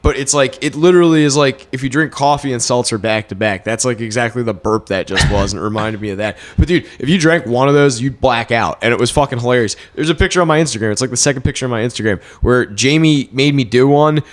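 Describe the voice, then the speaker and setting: A man's voice: mid-range voice, quick pace, few pauses. A man co-hosting a casual podcast, telling rowdy stories full of swearing and laughter. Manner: swearing storyteller, laughs a lot, loud when acting out quotes. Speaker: podcast co-host. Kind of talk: casual chat.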